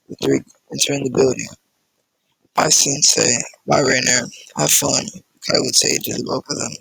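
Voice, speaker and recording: Casual reader: a man, very gravelly, husky, reads a fan story haltingly. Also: mid-range voice, fairly bright tone, no room sound, rough recording. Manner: halting, with fillers and restarts. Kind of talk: casual fan-fiction reading.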